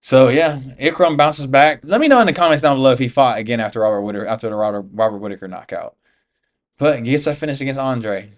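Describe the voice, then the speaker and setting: A man from the US talks through fight results in a loose, offhand reaction vlog. His speech is full of slang and swearing, and he drops "bro" every few words. His voice sits at an ordinary, middle pitch for a man. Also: fast. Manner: slangy, profane, says "bro" constantly. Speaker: MMA YouTuber. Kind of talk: casual fight reaction commentary.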